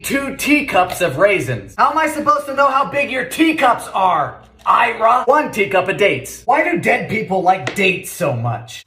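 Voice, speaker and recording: A man hosting a comedic cooking video in his home kitchen, firing off theatrical deadpan quips. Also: high-pitched, measured pace, echoey room.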